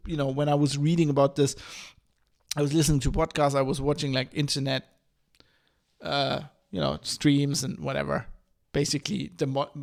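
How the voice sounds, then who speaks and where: Sarcastic man ranting on a podcast. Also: on the high side. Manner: animated, sarcastic, puts on mocking voices. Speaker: podcast host. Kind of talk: casual ranting commentary.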